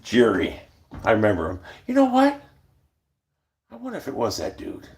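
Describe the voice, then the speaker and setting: A man's voice: fairly low pitch, huge pitch swings, normal speed, creaky, a little mellow. A man telling stories in a casual, rambling monologue, blunt and profane, with many restarts. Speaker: storyteller.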